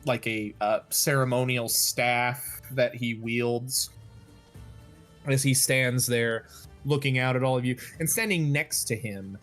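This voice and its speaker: A man running a tabletop game, describing scenes slowly and haltingly with frequent pauses and fillers. His voice sits at a middling pitch, and faint music plays in the background. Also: a bit bright. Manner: hesitant, many fillers. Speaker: game master.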